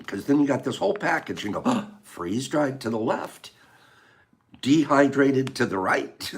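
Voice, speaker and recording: A man hosting a casual livestream, chatting and answering viewer comments. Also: mid-range voice. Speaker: livestream host. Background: faint background music.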